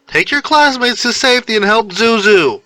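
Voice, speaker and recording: A man voicing a furious bubbly young woman hero who makes demands over the phone, shrill and loud. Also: lively intonation, moderate pace, no echo, exaggerated voice.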